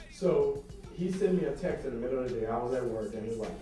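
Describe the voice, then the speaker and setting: A man from New Orleans with a New Orleans accent, telling a story as an interview guest in a lively, animated way. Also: a little fast, few pauses, recorded from a distance, a crowd in the background. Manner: lively, swings high when quoting others. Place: film festival event. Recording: echoey, off-mic, music behind.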